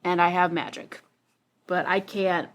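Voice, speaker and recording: A woman's voice: on the low side, level tone, unhurried. A woman as a player in a tabletop game, talking casually and hesitantly with a self-deprecating manner. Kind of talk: tabletop role-play chat.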